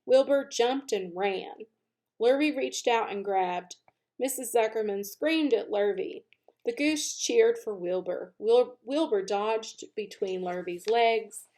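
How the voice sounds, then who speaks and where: A woman's voice: a little high, slow. Woman reading a children's book aloud. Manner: expressive, animated narration, speeds up at lively moments. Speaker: children's story reader. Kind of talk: storybook read-aloud.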